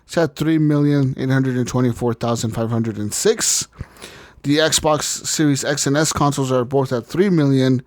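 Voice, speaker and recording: A man's voice: medium pitch, darkish tone. A man co-hosting a casual gaming podcast, swearing freely and joking through rambling rants. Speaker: podcast co-host.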